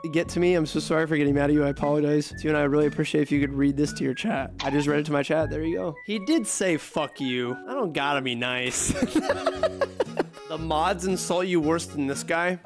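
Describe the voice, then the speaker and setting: A man streaming live, reading ban appeals aloud in casual chat, swearing and joking as he gets tipsy. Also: fairly high pitch. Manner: swearing, joking, quick to laugh. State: getting tipsy from drinking. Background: music playing.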